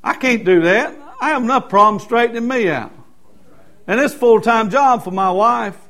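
A man's voice: very high-pitched, normal speed, sharp tone. A middle-aged man preaching a Baptist sermon with emphatic repetition. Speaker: Baptist pastor.

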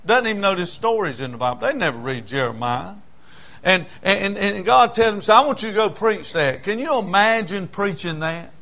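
A man preaching a sermon in a dramatic, folksy way, swinging between loud outbursts and low murmurs. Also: very animated, moderate pace. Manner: folksy, with many fillers and restarts.

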